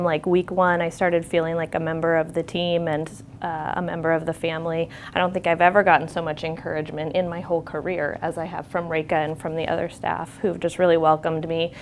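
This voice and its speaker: A woman with a fairly low voice speaks as a nurse in front of an audience. Her delivery is candid and conversational, reflective as she tells stories about her work in a presentation room. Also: slight background noise. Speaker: nurse at a fertility clinic.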